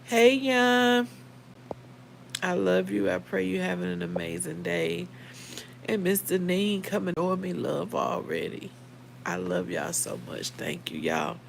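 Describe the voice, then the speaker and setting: A woman's voice: lowish voice, a little slow, gravelly, slight background noise, low-quality recording. A middle-aged woman, hosting a casual livestream, heartfelt and emotional, talking straight to her viewers by name. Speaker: livestream host.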